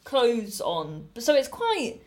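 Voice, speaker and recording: A woman comedian co-hosting a casual podcast chat, telling animated, sweary anecdotes. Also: fairly high pitch, takes it slowly. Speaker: comedian co-host.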